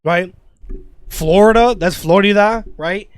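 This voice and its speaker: A man's voice: high voice, slow, smooth, no echo, studio quality. A man hosting a podcast, talking in a profane, rambling rant full of restarts. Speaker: podcast host. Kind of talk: casual podcast chat.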